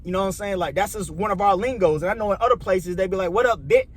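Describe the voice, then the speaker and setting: A young Chicago man with a Chicago accent, a vlogger, rants casually about his opinions in a loose, profane, repetitive ramble. His voice sits high and he talks very fast.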